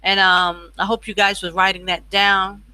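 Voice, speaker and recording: A woman's voice: mid-range voice, level tone, moderate pace, bright, forceful tone, no room sound, poor audio. A woman teaching a casual beginner language lesson, repeating each phrase for learners and adding chatty, informal asides.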